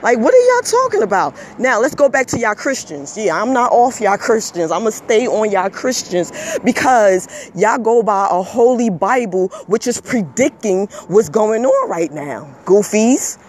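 A man with a very high voice rants into the camera, fired up and scolding. He hammers his points with repetition and drops the odd curse word. Faint noise sits under his voice. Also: animated, measured pace. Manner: swears when emotional. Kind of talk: heated monologue rant.

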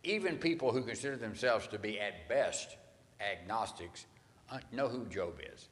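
A man's voice: fairly low pitch, expressive, normal speed, fairly bright tone, long reverb tail, a little hiss or hum. A man, a pastor, preaching a morning sermon in a conversational, folksy, tongue-in-cheek way.

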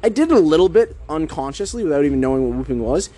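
A man's voice: fairly high pitch, big pitch swings, very fast, dark tone. A young man talking casually and energetically to his listeners, addressing them directly. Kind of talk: casual monologue.

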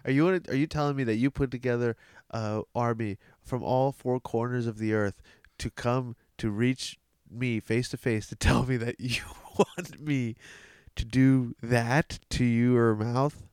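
A stubborn warrior king, as a man puts him on answers with indignant, mocking disbelief. He speaks in a mid-pitched, everyday voice, as an improvised comedy bit. The sound is close and dry. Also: fairly even intonation, a little slow, a little mellow, clear, resonant tone, no echo, lightly acted.

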